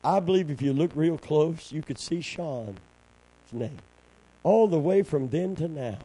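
A man's voice: on the high side, expressive, a little slow, mellow, poor audio. Fervent male preacher calling for amens. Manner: fervent call-and-response. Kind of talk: sermon.

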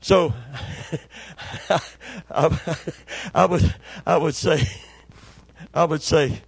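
A man's voice: a little high, a little slow, a little mellow, slightly rough, no echo. A middle-aged man preaching a sermon in a folksy, conversational storytelling way, repeating words for emphasis. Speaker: pastor.

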